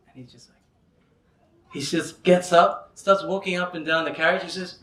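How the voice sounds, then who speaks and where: Bright-voiced man telling stories in a lecture. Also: high-pitched, normal speed. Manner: lively storyteller, laughs often, frequent "you know". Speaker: lecturer at a devotional gathering. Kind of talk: anecdotal religious lecture. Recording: roomy hall from a distant mic.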